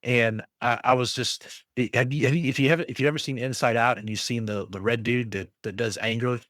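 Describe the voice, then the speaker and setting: A middle-aged man telling a story in casual chat, ranting in an animated way and acting out both sides of an argument with a shop clerk. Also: medium pitch, a little fast, no echo, clean studio sound. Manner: frequent restarts and fillers when worked up. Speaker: podcast co-host.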